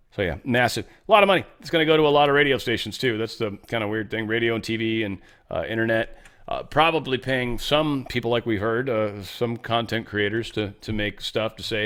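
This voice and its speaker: A man's voice: medium pitch, a bit bright, clear, resonant tone. A man runs a casual political commentary show in a blunt, opinionated voice. He reads posts and poll figures aloud.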